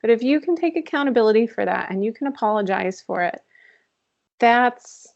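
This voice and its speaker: A woman's voice: on the high side, animated, normal speed, gravelly, darkish tone. A woman guest in a candid interview, talking earnestly and reflectively and laughing often, heard over a video call. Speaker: podcast guest, author. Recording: dull lo-fi call audio.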